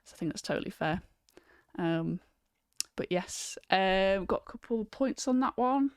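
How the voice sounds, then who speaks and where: A woman hosts a relaxed film chat on a livestream, rambling with fillers and picking up viewer comments as she goes. Her voice sits at a middling pitch and sounds dry and close, with little room in it. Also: moderate pace, clear, resonant tone, no room sound. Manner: chatty, reads out viewer comments, frequent ums. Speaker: host.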